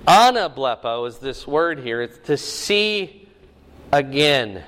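A man's voice: medium pitch, animated, slow, fairly bright tone, big-room sound. A man preaching a sermon, teaching the meaning of Greek words with rising emphasis. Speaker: pastor.

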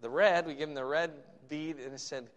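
A man preaching a sermon, reading scripture slowly and with emphasis, then explaining it in a conversational way. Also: fairly high pitch, fairly even intonation, muffled recording. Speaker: pastor. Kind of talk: expository sermon. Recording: long hall reverb.

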